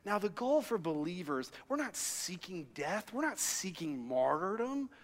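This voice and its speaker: A male senior pastor preaching a sermon, telling stories and swinging between hushed and emphatic delivery. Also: sits high, sing-song, a little slow, in a large hall.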